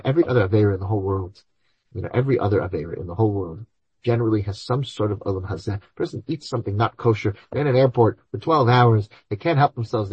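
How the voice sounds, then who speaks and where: A man answering listeners' questions on ethics, animated, acting out imagined voices and mixing in Hebrew and Yiddish terms. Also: mid-range voice, breathy edge, dry recording, poor audio. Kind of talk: Q&A talk on Torah ethics.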